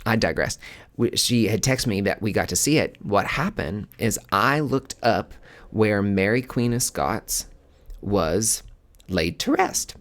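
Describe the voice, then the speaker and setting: A man hosting his own show, telling a personal story in a casual, animated way, with swearing and dramatic asides. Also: lowish voice, measured pace. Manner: animated, profane, dramatic retelling. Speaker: podcast host.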